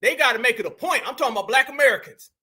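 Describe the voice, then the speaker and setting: A man with a very high, piercing voice, delivering emphatic commentary like he's preaching. He speaks straight to his audience and pushes every point hard. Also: racing, bright, forceful tone, a little hiss or hum. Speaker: podcast host. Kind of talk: political commentary.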